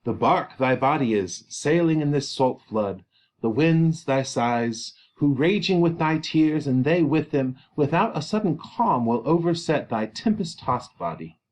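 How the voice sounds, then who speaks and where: A proud, quick-tempered nobleman fires rhetorical questions at his household, as a man reading a play does his voice. The delivery swings widely up and down. It stays close to a reading voice rather than a full character performance. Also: a little high, animated, a little mellow. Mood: tender.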